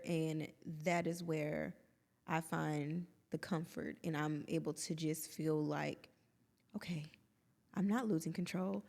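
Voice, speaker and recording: Woman, candid podcast chat, gravelly voice, lowish pitch. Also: takes it slowly, in a large hall. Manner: open and expressive, with quoted asides and laughter. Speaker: podcast co-host.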